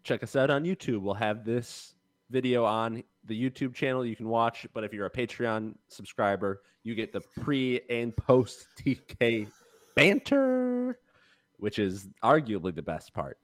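A man's voice: on the low side, moderate pace. A young man co-hosting a casual podcast as the intern, cracking jokes and heckling playfully.

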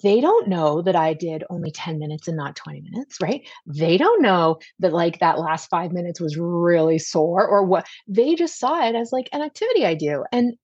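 Husky woman in her forties, chatty. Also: on the low side, animated, normal speed, few pauses, darkish tone, no echo, muffled recording. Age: 40s. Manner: earnest, chatty. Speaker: pediatrician guest. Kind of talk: casual podcast chat.

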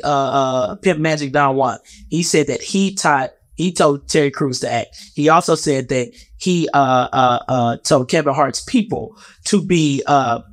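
A man in his thirties, a comedian giving casual reaction commentary, animated and profane, stumbling over repeated fillers. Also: a little high. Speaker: comedian and actor commenting on an interview.

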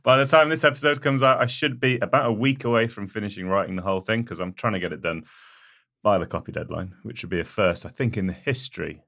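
A man's voice: on the low side, fast talker, creaky, fairly bright tone. A man chatting on a podcast, with dry, wry quips. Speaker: podcast co-host, bike tester. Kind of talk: casual chat.

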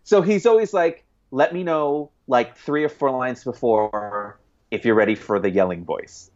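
A man, a guest author, chatting casually in an interview, rambling with restarts and quick laughs. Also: mid-range voice, darkish tone. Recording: dull lo-fi sound.

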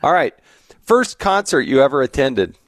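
A man hosting a podcast, telling stories in a casual, chatty way and teasing his guest with quick questions. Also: medium pitch, very animated, dry recording, studio quality. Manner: chatty, teasing, with frequent restarts. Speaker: podcast host. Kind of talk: casual conversational storytelling.

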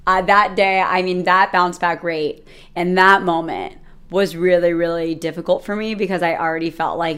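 A woman's voice: lowish voice, fairly even intonation, moderate pace, fairly bright tone, clean tone. A young adult woman hosting her own podcast, telling a personal story in a chatty, rambling way with many fillers. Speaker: podcast host. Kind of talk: casual solo podcast monologue.

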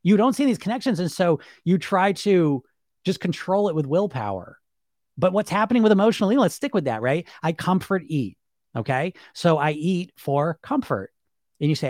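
A man's voice: sits high, lively intonation, brisk, darkish tone, no echo, clean studio sound. A middle-aged man coaching on weight loss in a casual, emphatic monologue, full of fillers, casual swearing and questions to the listener. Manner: chatty, emphatic, repeats fillers, swears casually, laughs often.

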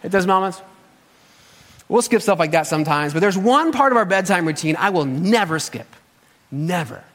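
A man preaches in a large reverberant room, and his high voice rings out with a long hall echo. He is an animated, emphatic storyteller who keeps turning to address his listeners directly. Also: brisk. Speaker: pastor. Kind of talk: sermon.

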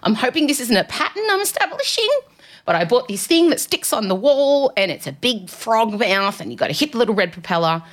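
A woman's voice: a little high, very animated, a little fast. A woman hosting a podcast, telling self-mocking stories in a casual, comedic monologue from a studio. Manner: chatty, self-mocking storytelling. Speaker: podcast host.

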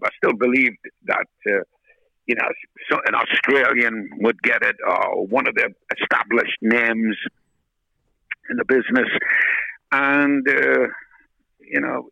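An older man with a gravelly, husky, bright edge to his voice. His pitch jumps all over as he tells a story, swearing freely and acting out the other people in it. Dry, close studio sound. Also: no echo, highs cut off. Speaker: guest, rock singer. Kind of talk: storytelling anecdote in interview.

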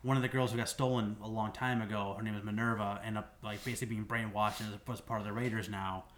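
A man's voice: fairly low pitch, level tone, quick pace, a bit bright. Rambling man recapping a game. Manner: rambling, restarts and many "like"s. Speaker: podcast co-host. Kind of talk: casual recap of a game story.

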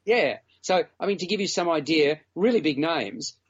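Chatty guy going on about a movie, teasing his cohost, voice on the higher side. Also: lively intonation, normal speed, breathy edge, muffled recording. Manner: chatty, teasing, talks in long run-on stretches. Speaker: film reviewer co-host. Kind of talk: casual podcast chat about a film.

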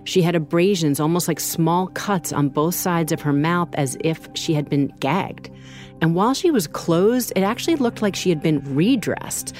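Low-voiced woman narrating true crime. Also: lively intonation, moderate pace, darkish tone, faint music behind. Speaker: co-host.

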